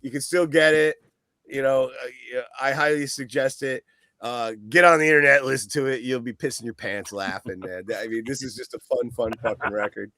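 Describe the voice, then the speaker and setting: A man's voice: mid-range voice, steady tone, brisk, sharp tone, no room sound. Rambling profane man, dry close sound. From East Coast of the US. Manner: rambling, profane, laughs a lot. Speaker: podcast guest. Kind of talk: casual chat about records.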